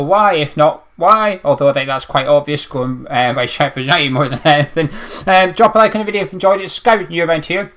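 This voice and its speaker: A man hosts a casual football chat, pushing for names and scores. His voice is mid-pitched and ordinary. He closes with a direct call to viewers. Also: fairly bright tone. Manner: pushy, wraps up with channel sign-off. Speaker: podcast host.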